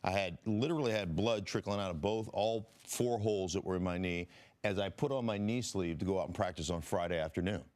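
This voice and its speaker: A man's voice: sits low, brisk, a little mellow. A man co-hosting a sports debate, agreeable and chiming in often before telling his own stories. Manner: agreeable, frequent affirmations, anecdotal. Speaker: sports show co-host. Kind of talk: casual sports debate and storytelling.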